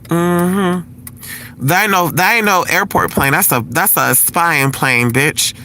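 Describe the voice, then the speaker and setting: A man's voice: a little high, lively intonation, moderate pace, a little hiss or hum. A man live-streaming from his car, chatty and flamboyant, calling everyone honey, swearing freely and gushing. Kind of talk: casual live-stream chat while driving. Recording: loud music over the voice. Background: loud music.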